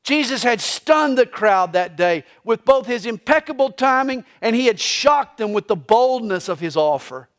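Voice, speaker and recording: A pastor preaching a live Sunday sermon in a church, telling the story dramatically and swinging between hushed and loud passages. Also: male voice, very high voice, expressive, normal speed, few pauses. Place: church sanctuary during a live Sunday service.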